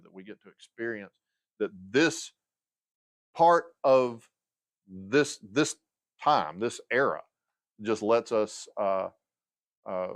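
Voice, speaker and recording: With a lowish voice and no echo around him, a livestream host in his fifties chats casually. His talk rambles as he loses his thread, full of hesitant uhs, fillers and restarts.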